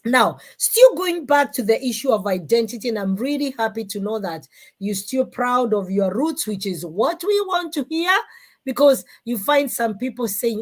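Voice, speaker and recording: Woman, Kikuyu Kenyan accent, middle-aged, talk show host, animated, emphatic. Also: on the high side, moderate pace. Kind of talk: live-streamed talk show chat.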